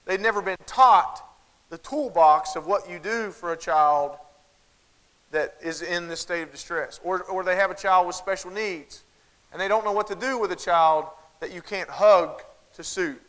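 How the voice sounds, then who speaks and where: A man with a Southern American accent delivers a humorous keynote, his voice set high and ringing bright. He tells stories in a folksy, animated way and often turns to the crowd with quick asides. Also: rough recording. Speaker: keynote conference speaker. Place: large conference hall before a crowd.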